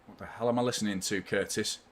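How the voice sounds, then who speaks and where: A man's voice: fairly low pitch, fairly even intonation, fast talker. A man hosting a live football watchalong, giving chatty, partisan fan commentary and swearing freely.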